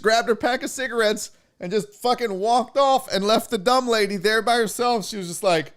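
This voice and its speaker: A man's voice: high voice, brisk, few pauses, a bit bright. A man hosting his own show, telling a story in a profane, ranting casual style. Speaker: sports show host.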